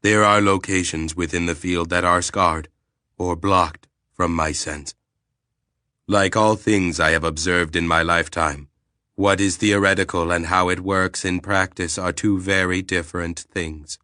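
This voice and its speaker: A man's voice: low-pitched, fairly even intonation, sharp tone, smooth, no room sound, clean studio sound. A man voicing an ancient, clinical alien mind. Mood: detached. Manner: clinical, measured, literal-minded. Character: ancient calm alien planetary mind, sexless.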